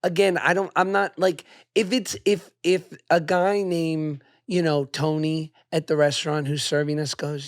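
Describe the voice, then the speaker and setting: A man's voice: fairly high pitch, little pitch movement, unhurried, hardly any pauses. A man in his thirties with a scratchy voice, co-hosting a casual podcast chat with playful jokes. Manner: joking, playful asides. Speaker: podcast co-host.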